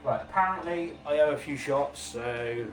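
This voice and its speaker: A man's voice: a little high, normal speed, soft background music. A man hosting a casual live cooking class, chatty, jokey and informal as he demonstrates.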